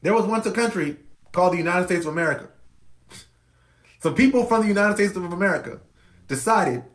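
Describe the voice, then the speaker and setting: A man's voice: sits high, animated, fairly quick, pauses often, a bit bright, roomy sound, rough recording. A man hosting a podcast, delivering an impassioned commentary monologue with emphatic repetition. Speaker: podcast host.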